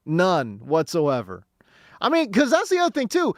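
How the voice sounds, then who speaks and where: A man hosting a sports talk radio show from a studio, excitable and quick to laugh, swinging between loud bursts and low asides. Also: no echo. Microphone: studio mic.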